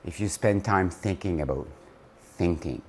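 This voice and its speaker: A man leading viewers through slow push-ups while counting aloud, then reflecting on slowing down, a little out of breath. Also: slight background noise. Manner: reflective, drops low and soft to make points. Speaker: company founder giving a motivational talk. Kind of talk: casual motivational vlog talk.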